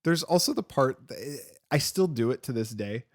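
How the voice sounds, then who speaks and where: A man's voice: mid-range voice, animated, moderate pace, no echo, studio quality. A man co-hosting a podcast, chatting casually and telling rambling, jokey stories. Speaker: podcast co-host. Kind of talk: casual chat.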